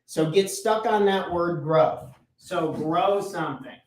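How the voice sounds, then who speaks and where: A man hosting a motivational business talk at a chalkboard, energetic and repeating key phrases for emphasis. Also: high voice, slow, far from the mic. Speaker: business coach and podcast host. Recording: roomy echo, voice off-mic.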